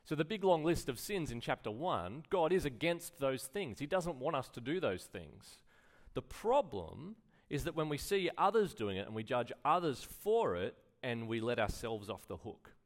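A man's voice: mid-range voice, very animated, normal speed. A man preaching a sermon in a conversational way, full of rhetorical questions and acted-out quotes. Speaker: pastor.

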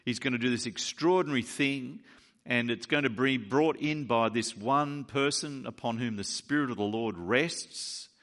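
A man preaching a sermon, retelling scripture with asides and self-corrections and building to loud declarations. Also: medium pitch, normal speed.

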